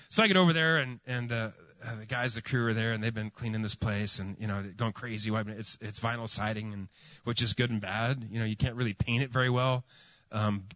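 A man's voice: on the low side, a bit bright, no echo, lo-fi sound. Rambling, storytelling male pastor. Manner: storytelling, many fillers and restarts. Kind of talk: sermon.

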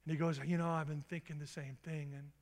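Middle-aged guy preaching, kinda high voice, lots of echo from a big church hall. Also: fast talker. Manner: animated, acts out quotes with big pitch jumps. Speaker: pastor. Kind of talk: sermon storytelling. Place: church sanctuary. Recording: long reverb in a large hall.

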